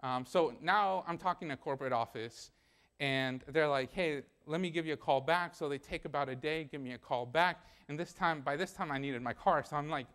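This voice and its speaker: A man's voice: a little high, fairly bright tone, smooth. A young man preaching a sermon in a church, telling a personal story in a conversational way and acting out the dialogue.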